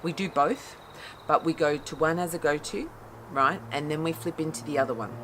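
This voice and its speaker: Low-voiced woman giving a talk. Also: normal speed, noisy background. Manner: conversational, checks in with listeners and acts out quoted voices. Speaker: professional speaker. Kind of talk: talk on psychology.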